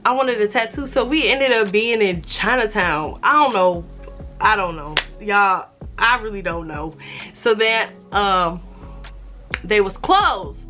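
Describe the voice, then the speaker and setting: A woman's voice: mid-range voice, expressive, takes it slowly, over music. A young adult woman vlogger telling a casual, profane storytime, acting out the voices of the people in it.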